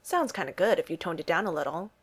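A woman's voice: fairly low pitch, lively intonation, fast talker, slightly rough. A woman reading a laid-back cocky archer. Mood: offhand. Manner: offhand, mumbling.

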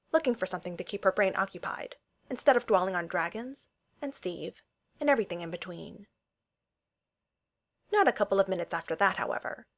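A woman narrating a story in an expressive reading voice. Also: medium pitch. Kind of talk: fan fiction story reading.

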